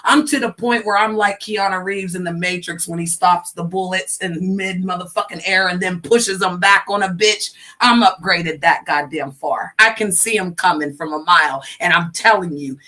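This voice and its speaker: Bright, dramatic woman livestream host. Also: lowish voice, moderate pace, hardly any pauses. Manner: dramatic, laughing storyteller, drawls "darling" and "honey". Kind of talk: casual livestream chat.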